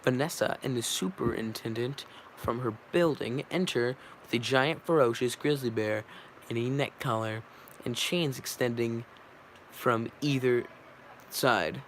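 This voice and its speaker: Amateur male script reader, mid pitch, lots of self-corrections; faint hiss. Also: a little slow. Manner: stumbling, self-correcting, with fillers. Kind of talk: reading a film script aloud.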